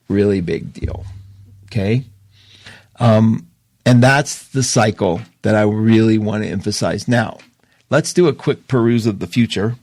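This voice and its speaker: A man hosting an astrology show, talking casually and emotionally, opinionated and quick to laugh. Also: mid-range voice, a little mellow, no room sound. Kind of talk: casual livestream talk.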